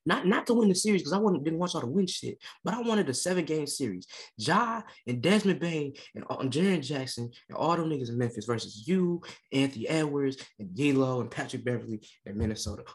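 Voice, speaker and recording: A man's voice: mid-range voice, lively intonation, normal speed. A man co-hosting a sports talk show, ranting heatedly and scolding players with plenty of swearing. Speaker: podcast co-host. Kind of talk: profane sports rant.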